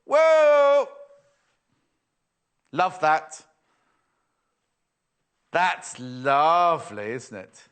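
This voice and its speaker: A man's voice: on the high side, wildly swooping pitch, very slow, pauses often, smooth. A man presenting a live sewing shopping show, chatty and playful as he reads out viewer messages. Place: TV studio.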